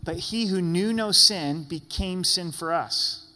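A man preaching a sermon in a lively way, playfully acting out grumbling voices. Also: high voice, slow pace, slight background noise. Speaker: pastor. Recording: long hall reverb.

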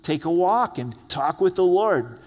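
Pastor preaching conversationally in a reverberant church. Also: male voice, high voice, animated, measured pace, darkish tone. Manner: conversational preaching, acts out quoted speech. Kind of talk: sermon. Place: church sanctuary.

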